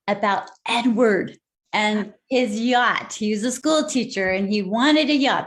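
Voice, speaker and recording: A woman hosting an interview podcast, her voice sitting on the high side and moving a lot. She leads the talk and keeps her guest going with encouraging replies. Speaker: host.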